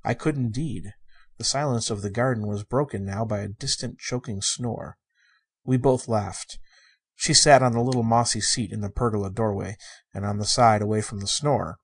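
A man reading a story aloud in the first person, in a measured, emotive way. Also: lowish voice, slightly rough. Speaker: audiobook narrator.

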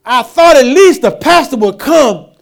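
Male pastor, sermon delivery: unhurried, animated, from quiet asides to loud emphatic peaks. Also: very high-pitched, vocal fry. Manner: call-and-response preaching, rhetorical questions to the congregation; swings between hushed asides and loud emphatic lines.

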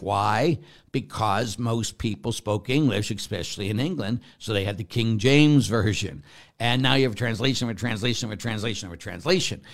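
A middle-aged man, a Catholic priest, teaching about faith in a loose, conversational way, drifting into tangents and tossing rhetorical questions at his listeners. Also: medium pitch. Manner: rambling, goes off on tangents, asks listeners rhetorical asides.

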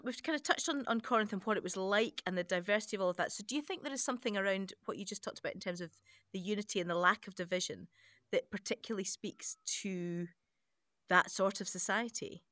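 A woman's voice: mid-range voice, brisk, fairly bright tone, no room sound, clean studio sound. A woman co-hosting a Bible discussion, speaking conversationally and asking reflective questions. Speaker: co-host guiding the discussion. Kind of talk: casual discussion.

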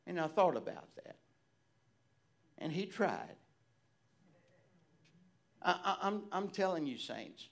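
Preacher, man, high voice, hushed-to-shouting fervent sermon delivery.

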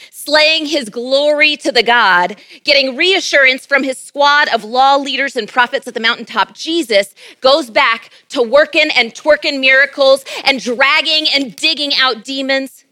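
Bright-voiced woman pastor preaching. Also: high voice, unhurried, hardly any pauses, no room sound. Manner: playful, conversational preaching. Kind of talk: sermon. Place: church.

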